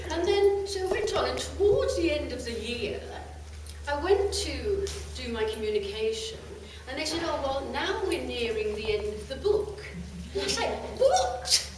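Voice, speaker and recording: Animated woman telling stories in an echoey hall. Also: a little high, far from the mic, noisy background. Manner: lively, animated storytelling with bursts of laughter. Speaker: channeler giving a talk. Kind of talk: storytelling talk to a live audience.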